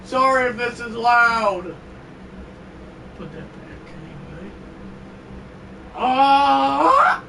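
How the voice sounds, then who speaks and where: A man commentating a football video game on a live stream, excitable and breaking into shouted exclamations. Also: extremely high pitch, slow pace, long pauses. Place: indoors, on the floor next to a fan. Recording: distant mic with fan noise.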